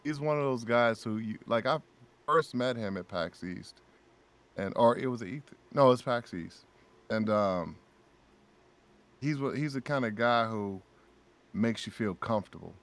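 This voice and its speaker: A man guesting on a casual podcast, telling lively stories and acting out what his friends said. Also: medium pitch, measured pace, pauses often. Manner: animated storyteller who acts out friends' lines. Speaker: guest voice actor.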